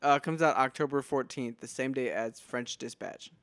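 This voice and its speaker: A man co-hosting a casual podcast chat in a laid-back way, often trailing off softly. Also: mid-range voice, normal speed, no room sound. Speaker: podcast co-host.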